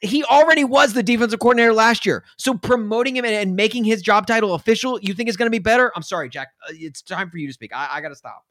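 A man's voice: sits high, quick pace, few pauses, a bit bright, no room sound. Male podcast co-host, furious rant, trips over his words, dry close sound. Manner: angry, fired-up ranting with stumbles and restarts. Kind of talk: casual sports podcast rant.

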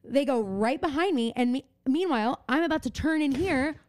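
A woman's voice: normal speed, dry recording. A young woman co-hosting a podcast, telling stories with lots of swearing and dramatic delivery. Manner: expressive, swears freely, dramatic swings from low mutters to squeals. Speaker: podcast co-host. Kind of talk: casual chat.

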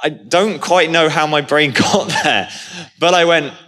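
A man in his thirties, an actor guest at a live convention interview, telling animated stories and laughing often. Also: fairly high pitch, a little slow. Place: stage at a convention hall. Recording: live hall reverb.

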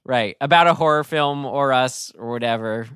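In clean studio audio with no room sound, a male podcast co-host chats casually in a clear, resonant, slightly bright voice of medium pitch at normal speed. He rambles and laughs at his own slips.

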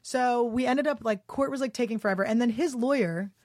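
A woman's voice: fairly high pitch, a little fast, a little mellow, dry recording, studio quality. A young woman, a comedian guest in a casual podcast chat, telling a heated story with lots of swearing and "like". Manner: heated, profane storytelling full of "like".

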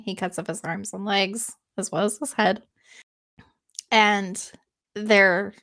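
A woman's voice: medium pitch, creaky, fairly bright tone. A woman retelling an old myth in a casual, chatty way, with laughing asides. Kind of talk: casual storytelling.

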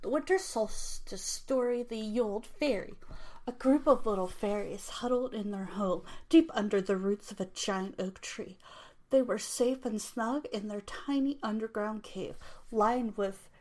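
A woman's voice: medium pitch, a little slow, a little mellow. A young adult woman who hosts her own channel, chatting to viewers and then reading a children's fairy story aloud in a lilting storybook manner.

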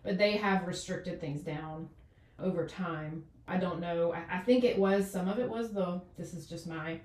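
A woman's voice: lowish voice, normal speed, a little mellow, recorded from a distance. A woman in her forties, a doctor, chatting casually as an interview guest, talking in loose runs full of fillers and restarts. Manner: rambling, many fillers and restarts. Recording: echoey room, off the mic.

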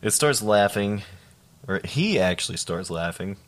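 A young man with a very deep, low voice co-hosts a casual podcast. He reads out listener stories in a deadpan tone, swearing freely and chuckling along the way. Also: measured pace. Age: young adult. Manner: deadpan, swears casually, laughs while reading.

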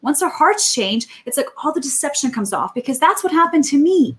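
High-voiced animated woman storyteller. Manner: animated, rapid storyteller with many restarts. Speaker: podcast guest. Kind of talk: casual chat, storytelling.

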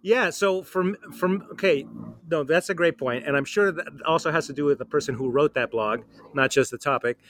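A man's voice: fairly high pitch, moderate pace, fairly bright tone. A man hosting a podcast interview, friendly and thoughtful as he asks his questions. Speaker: podcast host.

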